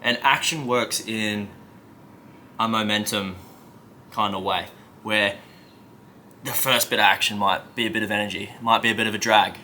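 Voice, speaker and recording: A man speaking as a self-help coach, with a very bright, sharp tone and a somewhat low pitch. He talks emphatically and conversationally, and often checks in with the listener. Faint room ambience sits behind him. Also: fairly even intonation, moderate pace, long pauses, a little hiss or hum. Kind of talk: motivational coaching talk.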